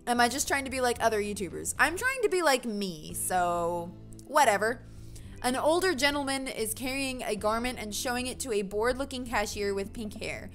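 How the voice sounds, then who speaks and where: Giggly woman streaming a game, bright voice, reads the text out, faint music under. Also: on the high side, lively intonation, fairly quick. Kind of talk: let's play commentary.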